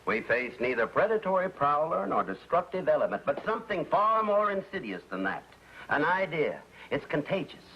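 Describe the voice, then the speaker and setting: Bumbling 1950s sitcom dad, pompous and animated, old dull TV sound. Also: male voice, on the high side, moderate pace, slightly rough, full character voice. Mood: grumbling. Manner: flustered, then pompously speechifying. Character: bumbling middle-aged suburban husband and father. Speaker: sitcom actor.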